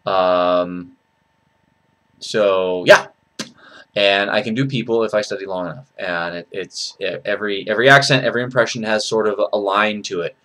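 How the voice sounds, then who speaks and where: A man's voice: lowish voice, fairly even intonation, normal speed, fairly bright tone. Casual guy vlogging, rambly, lots of ums. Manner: rambling, hesitant, many fillers. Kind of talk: casual vlog talk.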